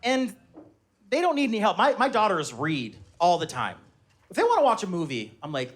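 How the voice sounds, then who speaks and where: Male comic, 30s, high and very lively delivery, live stage set. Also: normal speed. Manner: animated storytelling, shouting high-pitched voices when acting out his kids. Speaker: stand-up comedian. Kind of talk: stand-up comedy set. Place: live comedy venue with laughing audience.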